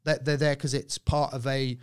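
A man from Surrey, a comedian guest on a podcast, telling stories in an animated way and swearing freely. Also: mid-range voice, normal speed, clean tone. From Surrey, England. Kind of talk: casual podcast chat.

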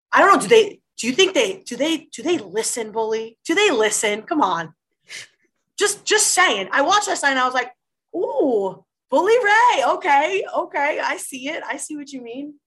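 A woman's voice: a little high, a bit bright, low-quality recording. A woman co-hosting a talk show, chatty and teasing. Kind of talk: casual chat.

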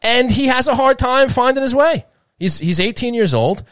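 Male co-host for casual sports talk, animated and rambling, dry close mic. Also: very high-pitched, dry recording. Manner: animated, fast, filler-heavy rambling. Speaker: podcast co-host.

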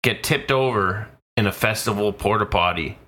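A man's voice: on the low side, normal speed, sharp tone. A man co-hosting a podcast in casual chat, joking and giggling at his own lines. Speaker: podcast co-host.

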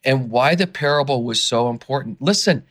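On a podcast where he's the interviewed guest, a male author speaks at normal speed with a medium pitch. As he talks he becomes worked up and excited, repeatedly restarting what he's saying.

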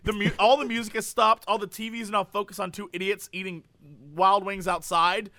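A man's voice: sits high, flat delivery, fairly quick, pushed and bright, a little hiss or hum. A man chatting casually on a podcast, animatedly telling a story and acting out the people in it.

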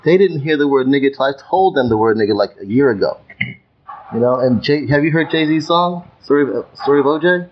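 A man's voice: medium pitch, expressive, fairly quick, lo-fi sound. A man talking as a podcast guest, emphatic and repeating words as he works toward his point. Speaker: guest, youth coach. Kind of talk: conversational podcast interview.

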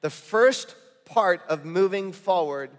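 A man's voice: high voice, lively intonation, slow, big-room sound. A male pastor preaching a sermon, reading scripture aloud with conversational, joking asides.

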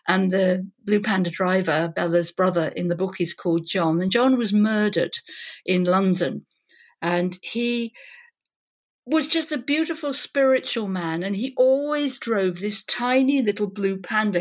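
A woman, an author and vicar, telling personal stories with lively emotion in an interview. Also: mid-range voice. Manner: animated, emotional storytelling. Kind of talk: interview conversation. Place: Devon, England.

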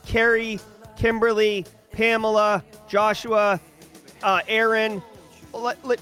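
A man hosting a casual daily news livestream, talking in an animated, ranting way with many fillers and restarts. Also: sits high, slow, faint music behind.

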